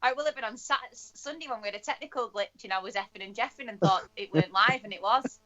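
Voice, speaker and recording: A woman's voice: medium pitch, quick pace, bright, forceful tone. A woman, an actor and singer, chatting casually as a guest, laughing and swearing freely over a dull online call. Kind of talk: casual chat. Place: at home in quarantine.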